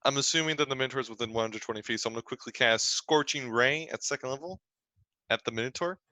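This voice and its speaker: A man's voice: medium pitch, fast talker, pushed and bright, dry recording. A man playing a tabletop game, working through his dice rolls aloud with some uncertainty. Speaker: player.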